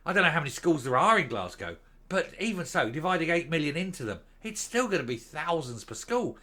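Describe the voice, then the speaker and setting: Indignant man ranting, bright and forceful. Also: on the high side, very animated, brisk. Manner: indignant, scornful, wanders into tangents. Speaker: commentary vlog host. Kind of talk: opinion rant to camera.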